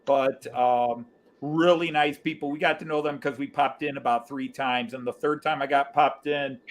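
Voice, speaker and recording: A man's voice: medium pitch, steady tone, normal speed. An American man hosting a casual live chat, telling long rambling stories with lots of fillers and restarts. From United States. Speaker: livestream host.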